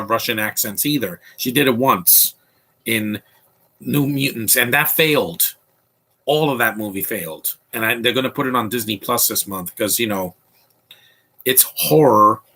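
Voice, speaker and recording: Opinionated husky-voiced man riffing on movies. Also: mid-range voice, sharp tone. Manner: opinionated, rambling with frequent restarts. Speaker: podcast commentary host. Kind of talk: casual movie commentary.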